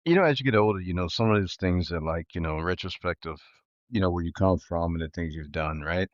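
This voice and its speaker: A man talks as an interview guest in a very low voice. He is laid-back and reflective, filling his speech with "you know" and "like". The recording is dull and dry. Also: fast talker, no room sound. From East Texas. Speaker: guest entrepreneur. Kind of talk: casual interview chat.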